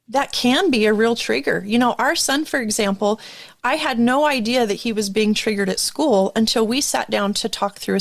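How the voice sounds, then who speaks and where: A woman's voice: fairly high pitch, no room sound. A woman hosting a parenting podcast, affirming her guest and telling stories from her own family. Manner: warm affirming, shares personal parenting stories. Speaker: podcast host. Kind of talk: podcast interview.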